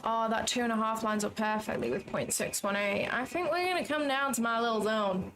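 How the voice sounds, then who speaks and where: Woman streamer narrating her trades live, chatty and self-mocking, fairly high voice. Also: brisk, fairly bright tone, a little hiss or hum. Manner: chatty, thinks aloud, self-deprecating. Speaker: trading livestream host. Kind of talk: live commentary while trading.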